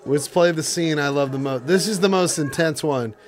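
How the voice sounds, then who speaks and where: Excitable man with a high voice. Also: normal speed, faint music behind. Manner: excitable, swears, jumps into high mocking voices. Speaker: podcast co-host. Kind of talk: casual comedic chat.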